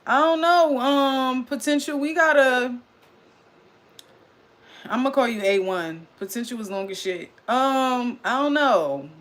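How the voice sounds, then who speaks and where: Bright, excitable woman streaming live. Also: sits high, takes it slowly. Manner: animated, loud, reading chat aloud. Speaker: livestream recap host. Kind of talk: casual livestream chat.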